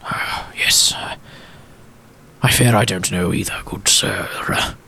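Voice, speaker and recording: A man voicing a weary, tearful old gentleman who speaks formally and haltingly, often sinking into a whisper. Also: sits low, vocal fry, exaggerated voice. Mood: wistful. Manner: courtly and halting, drifting into whispers.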